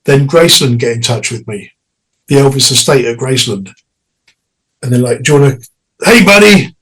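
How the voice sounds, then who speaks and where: A middle-aged man spins a long anecdote for his interviewer. He talks in a loose, chatty flow, restarting phrases and dropping into quick quoted voices. His voice sits in a middle pitch for a man. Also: a bit bright, husky, low-quality recording. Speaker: guest singer. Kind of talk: casual interview storytelling.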